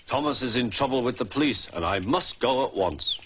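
A man voicing a bustling, authoritative older railway boss who talks in a brisk, commanding, fussy way, with music behind. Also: mid-range voice, lively intonation, fairly bright tone, slight background noise, voice pushed up, natural voice. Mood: urgent.

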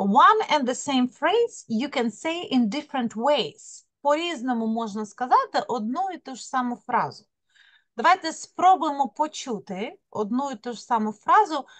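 A woman's voice: a little high, fairly bright tone, dry recording. A woman teaching an English class online over a video call, coaxing her students and calling on them by name while repeating key words.

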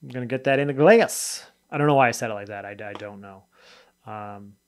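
A man's voice: on the low side, brisk. A man casually reviewing a beer on his video channel, talking loosely, trailing off and correcting himself as he goes. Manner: rambling and chatty, often trailing off and correcting himself; loose, spontaneous tasting commentary.

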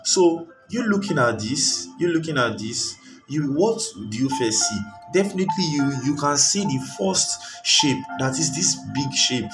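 A man's voice: fairly high pitch, animated, measured pace, distant mic, music in the background. A man giving a screen-recorded graphic design tutorial, rambling as he searches for words and filling gaps with ums.

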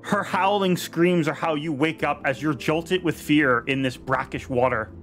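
A slightly high-voiced man runs a tabletop adventure as dungeon master, drawing out his descriptions slowly and dramatically. He talks into a headset on a video call, with soft music playing underneath. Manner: vivid descriptive narration, slowing down for dramatic effect. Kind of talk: narrating a tabletop game.

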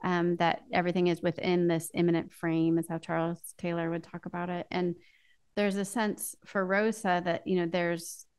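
A woman's voice: fairly low pitch, level tone, moderate pace, darkish tone, smooth. A woman author being interviewed, explaining ideas thoughtfully with many fillers. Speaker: author and guest. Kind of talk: casual interview chat.

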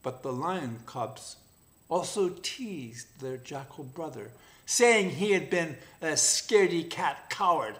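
A man narrating an animal fable in an even, unhurried storybook reading. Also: fairly high pitch.

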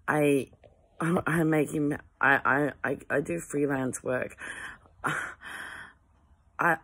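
An Australian woman ranting to camera in an exasperated way, sighing often and halting through restarts. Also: low-pitched, fairly even intonation, fairly bright tone, breathy edge.

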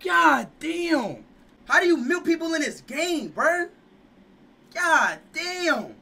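A man streaming a game live, exasperated and swearing, with sudden yelling bursts. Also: very high-pitched, very animated, slow, creaky. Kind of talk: live gameplay stream, casual chat.

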